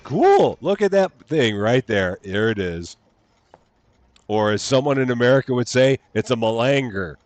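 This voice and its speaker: A man narrates his game stream with playful chatter, reading the on-screen text aloud and joking as he goes. His voice is medium-pitched, darkish, very animated, and at a normal speed, with no echo.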